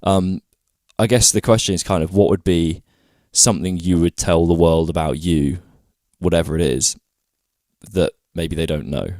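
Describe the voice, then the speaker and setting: A man's voice: deep voice, steady tone, normal speed, a little mellow, no echo, studio quality. A British man hosting a podcast interview, asking questions in a hesitant way with many ums and restarts. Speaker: podcast host.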